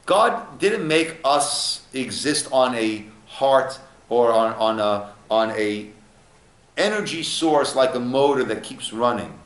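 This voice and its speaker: Slow-talking rabbi, roomy echo. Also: male voice, mid-range voice, lively intonation. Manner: unhurried, acts out little dialogues. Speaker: rabbi teaching a class. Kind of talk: informal text study lesson. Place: echoey room at a lunch study group.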